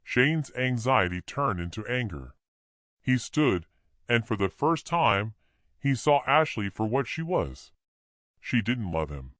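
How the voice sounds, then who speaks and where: A man narrating a horror audiobook in a plain, steady storytelling voice. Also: mid-range voice, takes it slowly, no room sound, studio quality.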